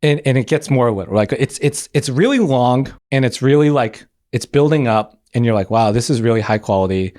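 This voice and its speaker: A man's voice: mid-range voice, brisk, hardly any pauses. A man, an animator guest on a podcast, telling a story casually with lots of fillers and acted-out quotes. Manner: animated, acts out quotes, many filler likes.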